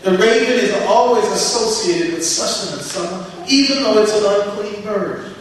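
A man's voice: high-pitched, expressive, moderate pace, hardly any pauses, slight background noise. A man preaching an emphatic sermon, repeating lines and quoting scripture. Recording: very echoey hall, from far off.

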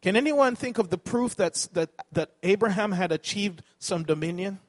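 A man's voice: high-pitched, animated, moderate pace. A man preaching a sermon, asking the congregation questions and correcting himself as he teaches.

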